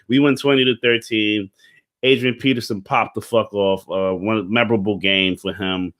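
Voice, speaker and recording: A man's voice: fairly low pitch, fairly even intonation, normal speed, fairly bright tone. A young man giving a casual, rambling football recap, slangy and profane, full of fillers, burping now and then. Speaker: football commentator.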